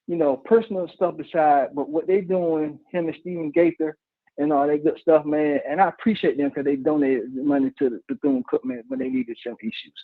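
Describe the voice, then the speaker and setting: A man's voice: fairly high pitch, creaky. A man calling in to a live show, ranting emotionally and bluntly, swearing and restarting his sentences. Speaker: caller. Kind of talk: heated call-in rant. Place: office cubicle. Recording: tinny phone line.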